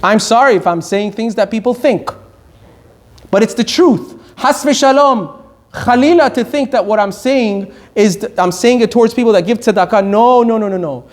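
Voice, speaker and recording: A middle-aged rabbi from Iran giving a Torah lecture in a fairly high man's voice. He leans hard on key phrases and draws them out, then hurries through his side remarks. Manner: emphatic, slows down on key words and speeds through asides.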